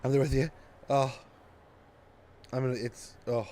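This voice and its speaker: A sleepy man streams a strategy game, rambling casually to his chat as he plays. His mid-range voice is level, unhurried, and mellow, with slight background noise.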